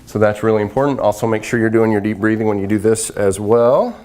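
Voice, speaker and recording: A man's voice: fairly low pitch, fast talker, dark tone. A man casually demonstrating breathing and eye relaxation exercises, chatty and laughing at his own slips. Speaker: vision exercise instructor.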